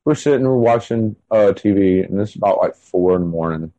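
A man's voice: sits low, fairly quick, dark tone, no echo, rough recording. A man in his thirties telling his own story in an interview, rambling and full of fillers. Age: 30s. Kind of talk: casual first-person storytelling.

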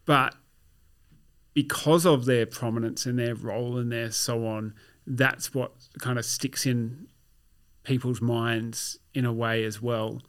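A man's voice: medium pitch, steady tone, takes it slowly, a bit bright, clean tone. Thoughtful man, podcast co-host. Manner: thoughtful, hesitant, with false starts and dry asides. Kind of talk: casual conversation.

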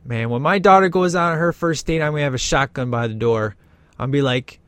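A man's voice: a little high, fairly quick, clean tone, no room sound. Man, chatty film commentator; jokey and upbeat, dry close sound. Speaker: movie commentator. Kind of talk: casual movie commentary.

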